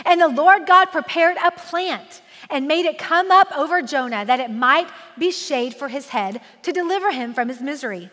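Very high-voiced woman in her 40s preaching, jokey and animated, echoey hall. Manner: animated and humorous, slow solemn scripture reading. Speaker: women's ministry speaker. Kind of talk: sermon.

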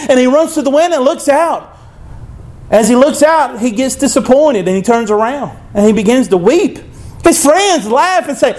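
A man's voice: extremely high pitch, lively intonation, moderate pace, darkish tone. A male pastor preaching a sermon in an emphatic, conversational way, with frequent asides and call-outs to his congregation.

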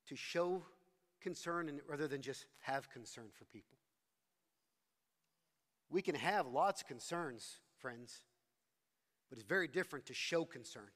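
High-voiced male pastor preaching in a hall. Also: a bit bright. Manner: conversational, self-deprecating storytelling with frequent restarts. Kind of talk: sermon.

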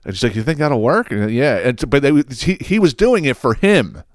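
A man hosting his own podcast, telling a story in a casual, profane and animated way, acting out the quotes. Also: mid-range voice, moderate pace, no room sound, clean studio sound. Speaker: podcast host.

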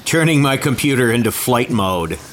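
Animated joking man on a call. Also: medium pitch, moderate pace, background noise. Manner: animated, jokey, rambling with fillers. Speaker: podcast co-host. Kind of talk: casual chat. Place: dining room at home.

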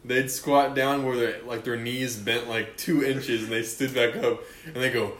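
A man's voice: mid-range voice, steady tone, unhurried. A laid-back young man in casual chat, laughing as he recalls shared stories. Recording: echoey room with crowd noise.

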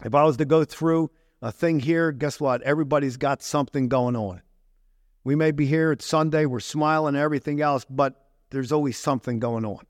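Fairly high-voiced man preaching a sermon. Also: a little fast, dry recording, studio quality. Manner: conversational preaching with rhetorical questions. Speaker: pastor.

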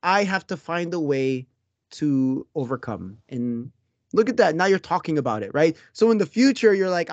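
A man hosting a podcast interview in casual chat, animated, laughing often and acting out quotes. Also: fairly high pitch, normal speed, dry recording, muffled recording. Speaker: podcast host.

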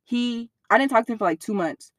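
A young woman in an interview, telling a personal story in a blunt, profane, animated way. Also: fairly high pitch, brisk, no echo, clean studio sound.

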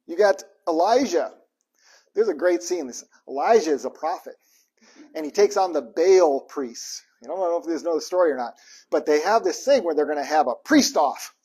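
A male pastor delivers a sermon with a slightly raised pitch and a husky edge to his voice. He retells the stories in an animated, conversational manner, acting out quoted lines and throwing in joking asides to the congregation. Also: a little fast.

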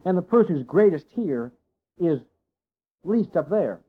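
A man preaching a sermon to his congregation, folksy and animated, full of rhetorical questions. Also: high voice, measured pace, husky. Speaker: pastor. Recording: dull lo-fi sound.

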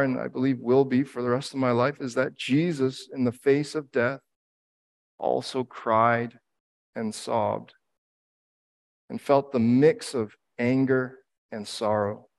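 A middle-aged man delivers a sermon, grieving and earnest. His voice sits at an ordinary pitch and moves between quiet reflection and emphatic repetition. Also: slow, creaky. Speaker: pastor.

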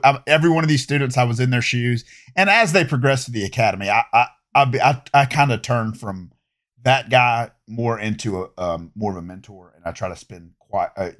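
A man's voice: on the low side, a bit bright. Earnest male fire instructor on a podcast. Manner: earnest, reflective, with frequent restarts. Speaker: fire academy instructor, guest. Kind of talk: casual podcast conversation.

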